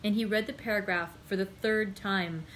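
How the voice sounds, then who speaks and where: A woman librarian reading a classic novel aloud, steady and unhurried, correcting her own slips. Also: medium pitch, a little hiss or hum, poor audio. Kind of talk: book read-aloud narration.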